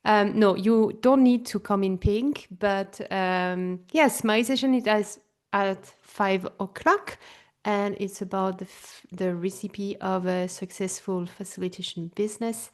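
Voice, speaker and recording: A woman's voice: mid-range voice, measured pace. A woman co-hosting a live online talk, bubbly and playful, with lots of fillers. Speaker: co-host and speaker. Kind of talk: casual live-stream chat. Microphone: video call.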